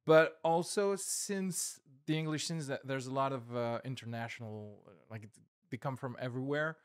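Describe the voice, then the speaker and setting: A man, a comedian, reflecting in a casual podcast chat, measured and filling pauses with "like" and "uh". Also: medium pitch, smooth, no echo, clean studio sound. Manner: reflective, measured, with many fillers.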